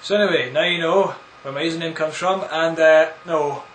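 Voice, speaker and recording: A man's voice: fairly high pitch, moderate pace, a little hiss or hum. Rambling jokey man, echoey room. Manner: jokey, rambling, crude absurd humour. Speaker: vlogger answering viewer questions. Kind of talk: casual rambling Q&A vlog.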